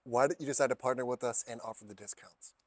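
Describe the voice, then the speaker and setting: A man's voice: medium pitch, fast, no echo. A man hosting an interview, asking questions and giving short encouraging replies. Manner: encouraging, brief affirmations. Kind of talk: casual interview.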